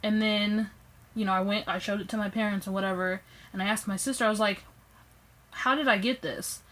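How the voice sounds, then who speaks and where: A young woman casually telling a personal story to her phone camera, animated and acting out what people said. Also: fast, poor audio. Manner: animated, acts out quoted lines with raised pitch. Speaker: vlogger.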